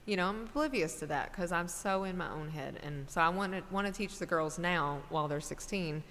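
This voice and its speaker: A middle-aged woman who livestreams and sings chats casually with her viewers, addressing chat directly and rambling from thought to thought. Her voice is fairly low, fairly quick and fairly bright, with a long reverb tail and a little hiss or hum.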